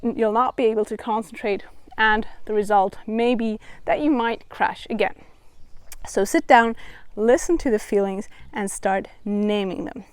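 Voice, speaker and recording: A woman mental coach giving step-by-step advice in a calm, encouraging vlog. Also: mid-range voice, unhurried, smooth, no echo.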